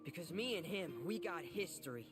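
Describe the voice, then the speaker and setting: Young ranch hand in a video game, earnest, bitter, animated pitch, loud game music. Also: male voice, fairly quick.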